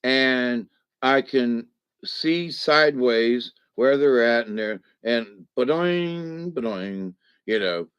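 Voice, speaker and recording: A folksy man wanders through a spiritual lesson, dropping into quick little voices along the way. His voice sits at an ordinary middle pitch. The recording is dry and a bit muffled. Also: fairly bright tone, smooth, no room sound. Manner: rambling, folksy, acts out voices. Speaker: spiritual teacher. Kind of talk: casual spoken lesson. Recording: dull muffled sound.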